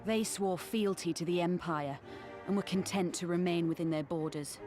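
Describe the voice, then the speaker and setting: A woman's voice: on the low side, music in the background, close to an everyday voice. A woman voicing a courteous serpent-folk leader. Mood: calm. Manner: measured and courteous.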